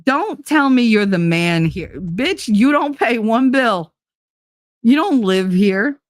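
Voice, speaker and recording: A woman hosting a casual chat show, telling a story in a blunt, animated way and swearing freely. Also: fairly high pitch, dry recording. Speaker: host.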